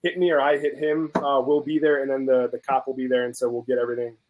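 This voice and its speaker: A young adult man and host of a food channel, chatting casually and telling a story with lively acted-out quotes. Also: medium pitch, fast talker, phone-quality sound. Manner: animated storyteller, acts out quotes.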